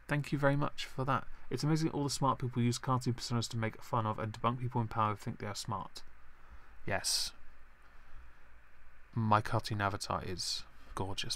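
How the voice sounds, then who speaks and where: A man's voice: on the low side, vocal fry, fairly bright tone, slight background noise. A man hosting a live stream, chatting about politics in a rambling, sarcastic way with self-deprecating asides. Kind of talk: casual political commentary stream.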